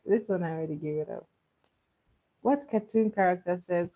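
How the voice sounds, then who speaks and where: A young woman hosting a casual cartoon trivia quiz, who laughs often and repeats her questions slowly. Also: lowish voice, dark tone, dull audio. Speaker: quiz host.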